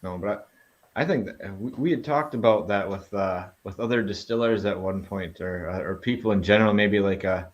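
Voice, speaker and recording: A man's voice: on the low side, fairly quick, muffled recording. A man hosting a casual round table chat, often stumbling and repeating words.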